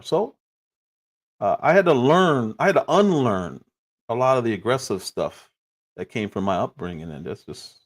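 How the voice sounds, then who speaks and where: A Chicago man hosts a livestream and tells a story casually and animatedly, laughing and acting out the lines he quotes. His voice sits low.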